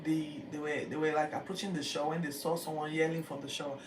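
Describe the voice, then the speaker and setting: A Bible teacher, retelling scripture in a lively, chatty way with acted-out quotes. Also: mid-range voice, a little fast. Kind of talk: casual Bible-reading commentary. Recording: echoey room, distant mic, background noise.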